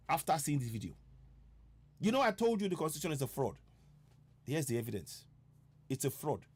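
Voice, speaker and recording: A man's voice: on the high side, darkish tone. A man giving an impassioned political broadcast, urgent, repeating rhetorical questions. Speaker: online broadcaster.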